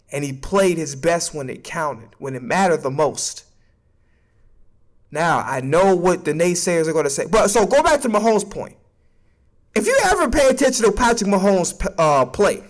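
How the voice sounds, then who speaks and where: A man rants about sports on his stream in a high, animated voice that swings all over. He is emphatic and swears freely, and he stammers and repeats himself when he gets worked up. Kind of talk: casual sports opinion rant.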